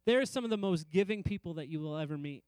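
A middle-aged man preaching a sermon to a congregation, speaking in repeated rhythmic phrases and rising and slowing down on key lines. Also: fairly high pitch, expressive, a little mellow, smooth, no room sound. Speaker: pastor.

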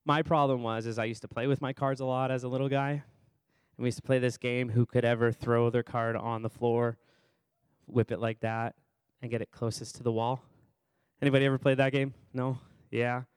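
A man's voice: medium pitch, level tone, brisk, clean tone, no echo. A man preaching a sermon as pastor in a church service, chatty and conversational, quizzing the congregation by name and repeating phrases for emphasis.

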